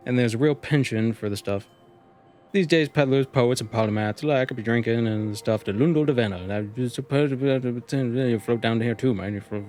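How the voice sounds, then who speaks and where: A man's voice: medium pitch, a little mellow, lightly acted. Give me a guarded small-town shopkeeper who deals shrooms, as a man puts him on, drawling and folksy. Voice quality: drawling, folksy rural accent voice. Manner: wheeling and dealing, slightly menacing.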